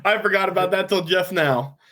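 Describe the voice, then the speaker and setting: A man's voice: high-pitched, fairly quick, a bit bright. Casual podcast host man, reading trivia. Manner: reads trivia, swears casually. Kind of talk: casual movie podcast chat.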